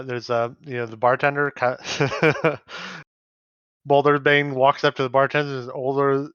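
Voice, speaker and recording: A man narrating as game master in a tabletop game, in a loose, halting way and laughing often. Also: medium pitch, a bit bright, clear, resonant tone, dry recording, lo-fi sound.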